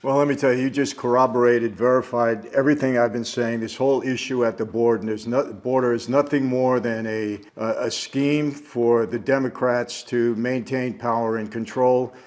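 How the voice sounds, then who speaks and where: A middle-aged man from Long Island, hosting an interview in a firm, measured way with some hesitations. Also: mid-range voice, fairly even intonation, a little mellow. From Long Island, New York. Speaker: host. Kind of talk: conversational interview.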